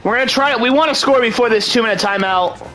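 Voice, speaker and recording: A young man giving excited play-by-play commentary over a video game in a hyped, mock sports-announcer manner. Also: very high voice, fast, faint music behind, poor audio. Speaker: gaming channel host.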